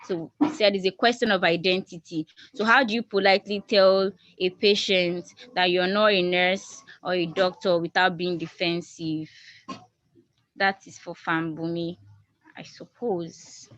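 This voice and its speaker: A woman's voice: lowish voice, fairly even intonation, unhurried, fairly bright tone. A woman moderating a video call Q&A, reading questions aloud with hesitant restarts. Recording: dull lo-fi video call audio.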